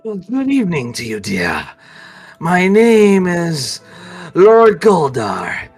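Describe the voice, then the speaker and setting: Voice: medium pitch, huge pitch swings, takes it slowly, breathy edge, soft background music, voice pushed up, heavily acted. A game master doing a gloating villain lord. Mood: menacing. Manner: menacing, mocking, erupts into shouts.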